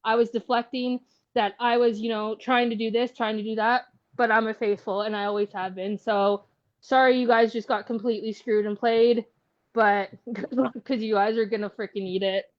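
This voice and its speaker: A woman's voice: a little high, steady tone, fairly quick, lo-fi sound. A woman contestant giving a defiant, emotional speech after being voted out, upset and fighting back tears, swearing and defending herself. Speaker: game contestant.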